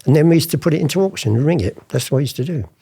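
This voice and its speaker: A man's voice: a little high, lively intonation, rapid-fire, creaky, warm tone, breathy edge. An older man, chatty in an interview, acting out old conversations as he tells his stories. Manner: chatty, acts out past conversations in different voices. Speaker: interviewee, former art forger. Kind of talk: anecdotal interview storytelling.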